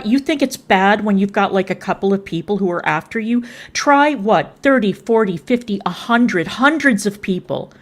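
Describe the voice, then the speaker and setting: A woman streamer scolding someone in heated livestream commentary, contemptuous and swearing freely. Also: medium pitch.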